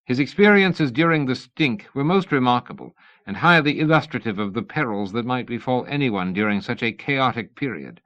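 A man reading a suave, cordial Victorian gentleman journalist with a polite, genteel manner. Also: medium pitch, lively intonation, normal speed, lo-fi sound, voice pushed up, natural voice. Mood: courteous. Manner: polite, genteel, feigning innocence.

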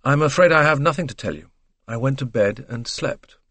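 A man voicing a calm, reserved young Englishwoman who answers briefly and coolly. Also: mid-range voice, a little fast, no room sound, voice pushed up. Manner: cool, brief, composed replies.

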